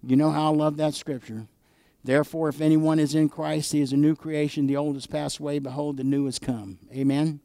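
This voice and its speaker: A man's voice: a little high, little pitch movement, brisk, warm tone, dry recording. Emphatic preacher man, dry sound. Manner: emphatic preacher, asks the congregation for amens. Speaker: pastor. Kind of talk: sermon.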